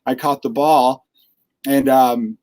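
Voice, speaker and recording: A young man hosting a podcast, chatty and quick to laugh while telling a story. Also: medium pitch, fairly even intonation, a little mellow. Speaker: podcast host. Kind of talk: casual chat.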